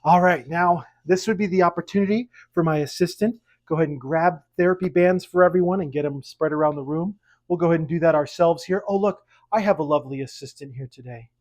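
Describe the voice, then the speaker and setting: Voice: medium pitch, fast, hardly any pauses, a little mellow. A fitness instructor leading a seated exercise class at home, counting reps aloud and coaching with light jokes. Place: at home with pets around.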